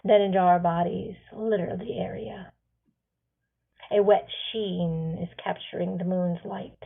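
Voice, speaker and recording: A woman author reading her own fantasy novel aloud, slow and hushed at the grim parts. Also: mid-range voice, gravelly. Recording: tinny phone-like sound.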